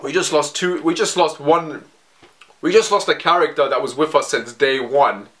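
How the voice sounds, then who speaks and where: Excitable, emotional man reacting to a comic. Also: fairly high pitch, moderate pace, noisy background. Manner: excitable, rambling, full of fillers and restarts. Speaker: manga reaction vlogger. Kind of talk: casual reaction commentary. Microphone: phone.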